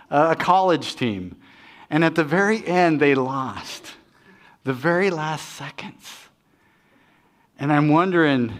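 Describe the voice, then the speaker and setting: A middle-aged pastor with a slightly high, somewhat bright voice delivers a sermon full of personal stories. His style is conversational and self-deprecating, and he often restarts his sentences.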